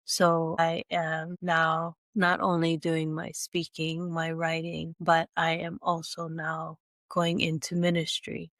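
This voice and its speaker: A woman coach with a stuffy, congested nose, teaching a slow and earnest monologue with frequent restarts. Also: deep voice, completely flat delivery, a bit bright, dry recording. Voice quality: nasal from congestion. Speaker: speaker and coach.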